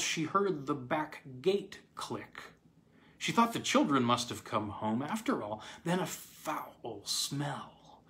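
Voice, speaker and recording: Man reading a horror tale dramatically. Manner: dramatic, with sharp swings in pitch and loudness. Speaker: narrator. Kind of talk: scripted horror story reading.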